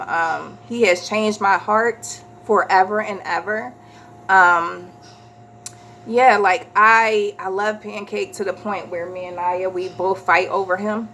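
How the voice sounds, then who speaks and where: A woman's voice: medium pitch, slow, slight background noise. Chatty woman telling a storytime. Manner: chatty, animated retelling with voiced quotes. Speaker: vlogger. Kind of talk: casual storytime chat.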